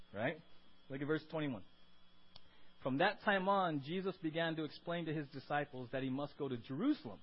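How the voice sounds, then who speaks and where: Male pastor, lively sermon, high swooping voice, dull lo-fi recording. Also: breathy edge. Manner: animated, acts out scenes, frequent restarts.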